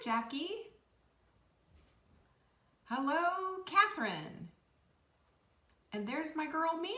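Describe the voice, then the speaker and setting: A woman hosting a live-stream, chatting warmly with viewers and greeting them by name. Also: sits high, distant mic. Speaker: host. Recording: echoey room.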